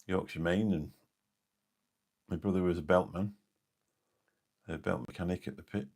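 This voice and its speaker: A man's voice: sits low, normal speed, gravelly, a little mellow, breathy edge. A man in his fifties with an English accent, a taxi driver chatting late at night on his live stream, rambling and forgetful as he answers viewers' comments.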